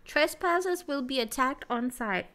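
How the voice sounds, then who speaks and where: High-voiced unhurried woman streamer. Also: expressive, bright, forceful tone. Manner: playful, swears, chats with viewers. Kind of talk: casual gameplay commentary.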